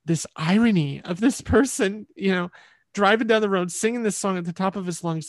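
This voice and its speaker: Woman, musician guest, interview storytelling, rambling and reflective, gravelly voice, dry close sound. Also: on the low side, dry recording.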